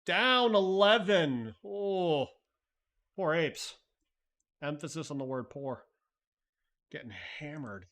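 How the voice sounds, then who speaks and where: A man's voice: fairly high pitch, animated, takes it slowly, a bit bright. A man hosting a live stream, chatting loosely and thinking aloud while answering viewer messages, with casual swearing. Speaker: livestream host.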